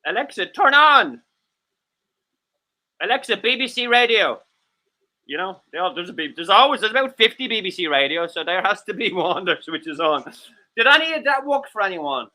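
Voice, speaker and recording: Excitable high-voiced Irish man. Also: brisk. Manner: swearing, laughing, excitable. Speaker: co-host. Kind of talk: casual livestream chat.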